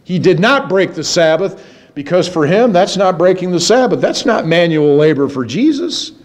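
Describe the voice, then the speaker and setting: A man with a notably high voice delivers a sermon. He drops low and quiet in reflective passages, then climbs high and emphatic as he presses his point. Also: very animated, normal speed. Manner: dramatic, swings between low musing and high emphatic preaching. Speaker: preacher.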